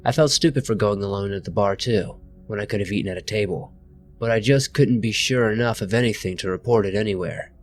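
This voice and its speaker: A man with a somewhat low voice reads first-person horror stories as scripted narration. He keeps a steady, even reading pace throughout. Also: fairly quick, soft background music.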